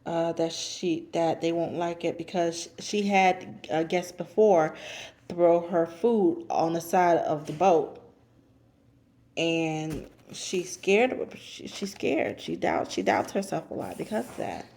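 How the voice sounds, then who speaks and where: A woman casually recapping a reality show episode, chatty and repeating herself for emphasis, and she steers clear of cursing. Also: lowish voice, takes it slowly, a little mellow. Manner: avoids cursing.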